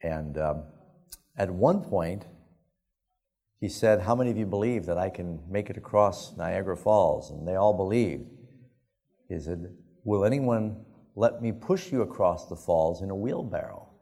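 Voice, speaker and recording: A man's voice: low voice, unhurried, dark tone. A male pastor preaching a sermon, telling anecdotes in a folksy, conversational way. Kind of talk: sermon storytelling.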